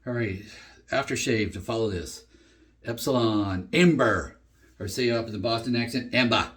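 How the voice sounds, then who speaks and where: A middle-aged man chatting casually through a shave review in his home bathroom, relaxed and full of fillers. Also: medium pitch, normal speed. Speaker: shaving vlogger.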